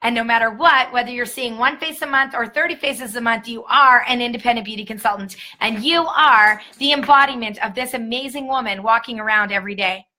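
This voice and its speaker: A woman's voice: on the high side, a little fast, hardly any pauses, sharp tone. A woman training a new sales team on a live stream, talking in an emphatic, upbeat pep-talk way.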